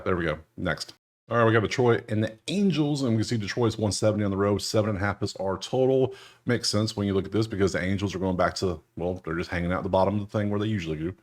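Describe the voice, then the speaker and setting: Man, young adult, somewhat low voice, casual betting commentary, slangy, jokey, sudden loud outbursts. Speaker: sports betting analyst. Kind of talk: casual screen-share commentary.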